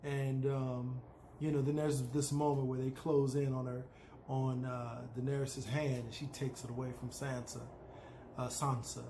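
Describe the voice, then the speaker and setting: A man's voice: mid-range voice, level tone, unhurried, warm tone, slight background noise. A man casually recapping a TV episode, loose and opinionated, peppering his talk with "you know" and "man".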